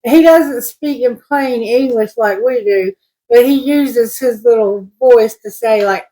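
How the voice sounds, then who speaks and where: This is a casual spiritual reading by a woman tarot reader whose voice sits on the high side with a dark tone. The recording quality is low. She reads scripture out loud, then rambles through her thoughts on it slowly, restarting and correcting herself as she goes.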